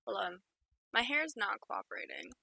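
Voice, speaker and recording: A young woman chatting casually and excitedly with her live stream viewers, giggling often. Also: medium pitch, moderate pace, gravelly, slightly rough, no room sound.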